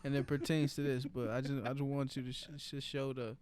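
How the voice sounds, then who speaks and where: A man's voice: medium pitch, little pitch movement, fairly quick, darkish tone, clear, resonant tone. A man in his twenties co-hosting a podcast in casual chat, blunt, profane and joking. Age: 20s. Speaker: podcast co-host.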